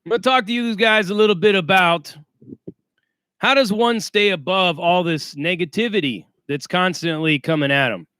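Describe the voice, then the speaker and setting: Pushed and bright, his high voice moves at a moderate pace with a smooth texture as he hosts a casual livestream. The man greets viewers by name from the chat, using streetwise slang. Clean studio sound without room noise.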